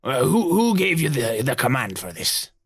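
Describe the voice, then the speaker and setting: A gruff, whiskered old pirate, put on by a man, blusters at an official. The voice is gravelly and husky and swings up and down as he argues. It sounds like an improvised audio story. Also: medium pitch, big pitch swings, moderate pace, a bit bright, full character voice. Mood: indignant. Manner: blustering, challenging.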